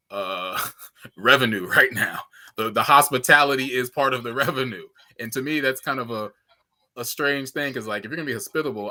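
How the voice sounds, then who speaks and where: A man's voice: fairly low pitch, pushed and bright. A man co-hosting a podcast, musing through his thoughts in a loose, casual chat full of fillers. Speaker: podcast co-host.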